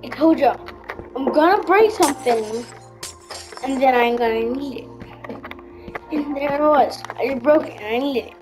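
A woman's voice: high voice, normal speed, long pauses, poor audio. A woman giving casual gameplay commentary, rambling and repeating herself as she builds. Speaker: gaming video creator. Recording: clear background music.

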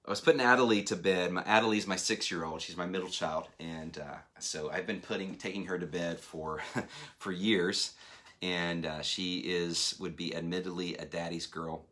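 Animated man preaching a sermon. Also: sits low, normal speed. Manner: animated, acts out phone voices. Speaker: pastor. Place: church hall.

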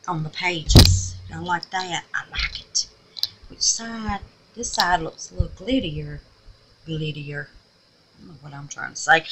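A woman's voice: fairly low pitch, noisy background. A woman, chatting casually through a home crafting tutorial and calling her viewers babies and honey. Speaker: craft vlogger.

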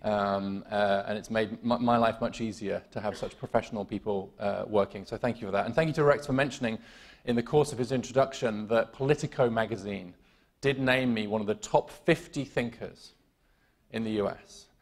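A man's voice: fairly low pitch, moderate pace. A man with a British accent, originally from the UK, giving a conference keynote with wry, self-deprecating humor, lots of "um" and restarts. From United Kingdom. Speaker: keynote speaker. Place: conference hall.

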